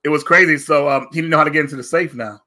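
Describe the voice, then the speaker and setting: A man hosting a podcast, casually retelling a series and acting out the characters in animated raised voices. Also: on the high side, very fast. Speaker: podcast host. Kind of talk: casual review chat.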